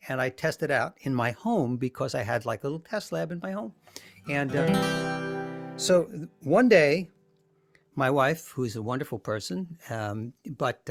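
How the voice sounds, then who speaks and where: An older man on a video call, telling a self-mocking family story and then singing a silly, rhyming children's song. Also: fairly high pitch. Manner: folksy, self-mocking, with playful sing-song rhymes. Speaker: singer-songwriter at an open mic. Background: his own guitar.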